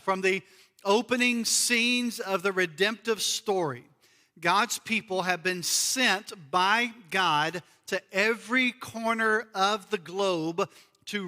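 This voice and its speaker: A man from the United States preaches in a church with a high, bright voice. He sounds earnest and leans on repeated key phrases for emphasis. The voice carries a long reverb from the hall. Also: slow. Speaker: pastor. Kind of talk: sermon. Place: church sanctuary.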